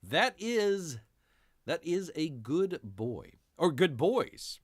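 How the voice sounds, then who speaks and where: A man's voice: fairly high pitch, very animated, extremely slow, breathy edge, dry recording, studio quality. A man hosting a casual livestream, joking and sarcastic, calling himself by his nickname in third person and addressing the audience as "people". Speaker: livestream host. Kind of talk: casual livestream news chat.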